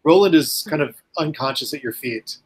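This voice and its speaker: A man's voice: fairly high pitch, normal speed, husky. A man running a tabletop game as game master, rambling with many ums and uhs.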